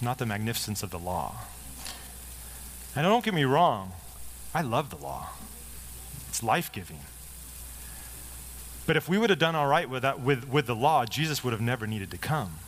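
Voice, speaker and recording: A middle-aged man, a pastor, preaching a sermon built on a personal story, in a conversational manner with lively quoted dialogue. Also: mid-range voice, slight background noise.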